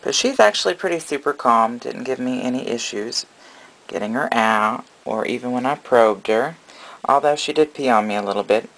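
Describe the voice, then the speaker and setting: A man breeding snakes, chatting casually through a video update and gently cooing at the baby snakes. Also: medium pitch, animated, normal speed, rough recording.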